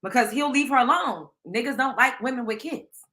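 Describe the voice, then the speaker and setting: Hosting a relaxed live stream, this Southern-drawling woman talks fairly fast in a bright, slightly high-pitched voice. Heavy on slang, blunt and emphatic, she repeatedly turns to viewers for their opinions.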